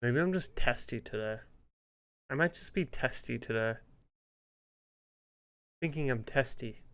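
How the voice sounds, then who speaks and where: A male gaming streamer talks through his play in loose, rambling commentary. He sounds annoyed and swears often, with a smooth, clear voice at an ordinary pitch. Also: a little slow, a bit bright. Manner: irritated, rambling, swears a lot.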